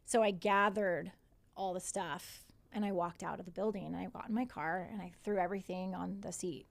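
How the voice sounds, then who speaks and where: A woman's voice: on the low side, steady tone, moderate pace, gravelly. A woman in her forties, a podcast guest, animatedly retelling what happened to her, quoting others and swearing. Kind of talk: casual storytelling in conversation.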